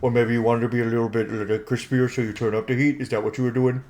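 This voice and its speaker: A man voicing an excitable, naive male companion who rambles loudly and quickly. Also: mid-range voice, natural voice. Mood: excited.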